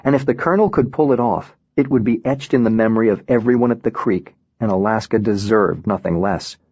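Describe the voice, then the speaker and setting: Husky man reading a novel aloud. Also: on the low side, brisk, dry recording. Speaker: audiobook narrator. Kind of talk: first-person novel reading. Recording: dull, dry lo-fi recording.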